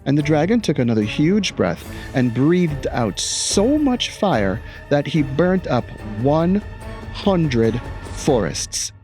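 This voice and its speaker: Lively-voiced man reading a picture book. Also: a little high, slow pace, faint music behind. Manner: expressive storytelling, playful asides. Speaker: teacher. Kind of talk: picture book read-aloud.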